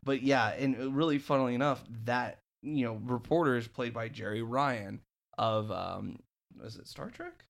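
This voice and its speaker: Halting, stammering man co-host. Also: medium pitch, creaky. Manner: halting, with lots of stammered restarts. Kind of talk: casual chat.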